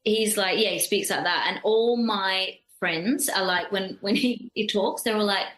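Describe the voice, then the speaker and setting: A woman talks in a bright, forceful voice, chatty and quick to laugh. She is a guest in a casual radio interview. The sound is roomy, with a noticeable echo around her. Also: mid-range voice, slight background noise. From Western Australia. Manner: chatty, laughs easily, warm and open.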